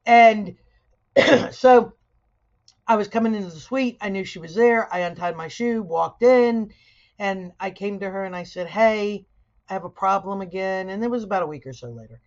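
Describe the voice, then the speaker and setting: A woman's voice: mid-range voice, normal speed. Middle-aged woman lecturing, dull lo-fi sound. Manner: conversational, tells stories with lively asides. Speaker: sociology instructor. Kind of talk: video lecture with personal storytelling.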